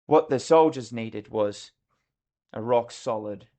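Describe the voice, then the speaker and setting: A man's voice: medium pitch, takes it slowly, warm tone. Middle-aged man, podcast guest; candid, reflective storyteller. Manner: reflective, frank, acts out remembered dialogue. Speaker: podcast guest, former military officer.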